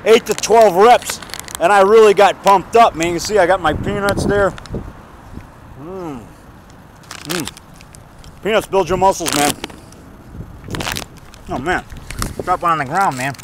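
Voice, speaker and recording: Casual male vlogger, high-pitched voice, rambling and jokey, faint traffic behind him. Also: unhurried, pauses often. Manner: rambling, jokey, chuckles at own jokes.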